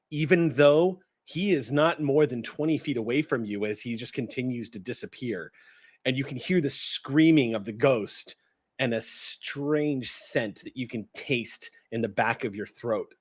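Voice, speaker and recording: Man narrating as game master. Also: mid-range voice. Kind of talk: narrating a tabletop horror game.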